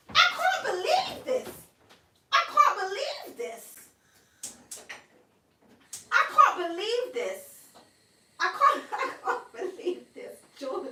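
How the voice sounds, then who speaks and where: A woman's voice: high-pitched, pushed and bright, slight background noise. A woman, a tarot reader, talking bluntly and with a lot of swearing on a live stream. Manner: blunt, profane, ranting. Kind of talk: livestream chat.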